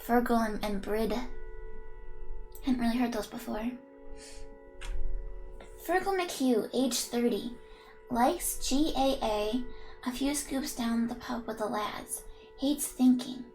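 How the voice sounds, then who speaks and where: A woman's voice: fairly high pitch, takes it slowly, pauses often, darkish tone, faint music behind. A woman streaming a game, reading its text aloud and chatting playfully with her viewers, giggling as she goes.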